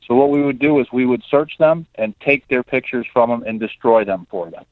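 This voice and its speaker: A man's voice: mid-range voice, fairly quick, no echo. Man, middle-aged, friendly, talkative, tinny phone line. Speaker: defense lawyer guest. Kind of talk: phone interview.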